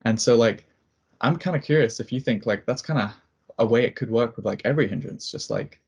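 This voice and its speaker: Husky young man rambling with fillers. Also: mid-range voice, a little fast, a little mellow, muffled recording. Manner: rambling, many "like" fillers and restarts. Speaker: student. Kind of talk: casual chat. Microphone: video call.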